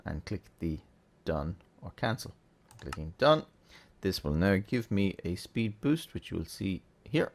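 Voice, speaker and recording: A man hosting a relaxed, chatty game tutorial, thinking aloud as he plays. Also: low voice, unhurried, few pauses. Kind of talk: casual gameplay tutorial.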